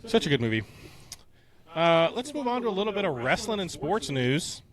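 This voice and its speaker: A man in his thirties co-hosting a casual podcast, animated and chatty. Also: high-pitched, moderate pace. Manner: animated, quotes movie lines in silly voices. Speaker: podcast co-host.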